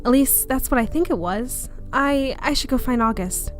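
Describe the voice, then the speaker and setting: A woman's voice: high voice, normal speed, faint music behind, natural voice. A woman voicing a young female medium, shaken but stubborn, reading her lines plainly in her own voice. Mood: earnest.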